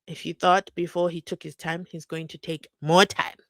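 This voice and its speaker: A South African woman hosts a true crime live stream, chatting casually, reading viewer comments, and laughing often as she asks mock-incredulous questions. Her voice sits on the low side, with a level tone, normal speed, and a slightly bright quality. There's no room sound in the recording.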